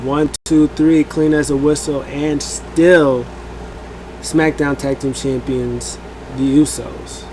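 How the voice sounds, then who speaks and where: Slow-paced and slightly high, a man's voice comes through a noisy background. He's a review show host recapping a wrestling event casually, rambling and animated, with many fillers and acted-out quotes.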